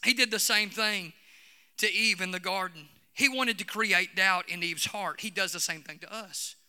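A man preaching a fervent sermon as pastor, his voice swelling toward shouts. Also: high-pitched, moderate pace, clear, resonant tone. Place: church sanctuary. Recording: long reverb of a church hall.

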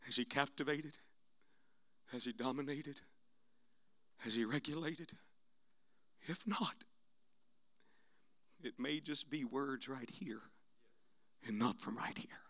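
A man preaching a sermon in church, swinging between shouted exhortation and hushed prayer. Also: mid-range voice, slow pace, pauses often.

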